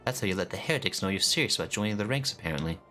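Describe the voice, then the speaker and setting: A man voicing a chatty, low-born male soldier who talks in a folksy way, reading game dialogue aloud. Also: lively intonation, rapid-fire, sharp tone, soft background music. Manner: folksy, drops his grammar.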